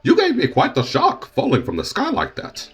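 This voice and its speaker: A man voicing a polite, excitable professor from a game in a prim, old-fashioned way. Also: high-pitched, normal speed, breathy edge, faint music behind, voice pushed up, heavily acted. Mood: fussy. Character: polite fussy male professor, genteel and excitable.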